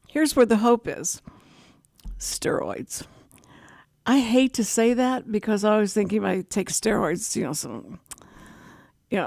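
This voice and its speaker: Lively, rambling woman radio host. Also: mid-range voice, creaky, no echo, studio quality. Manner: animated, rambling storyteller. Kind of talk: casual talk radio chat.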